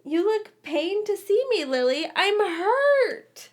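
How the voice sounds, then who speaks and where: A woman's voice: high voice, big pitch swings, unhurried, voice pushed up. A woman voicing a cocky teenage schoolboy wizard who teases and pesters, reading a story aloud. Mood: teasing. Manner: cocky, teasing.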